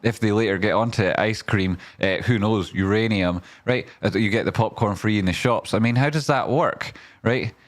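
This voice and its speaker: A man's voice: on the low side, normal speed, hardly any pauses, no echo. A man, commenting on stocks in a rambling, casual way with lots of fillers, breaking into sweary rants. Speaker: stock market streamer.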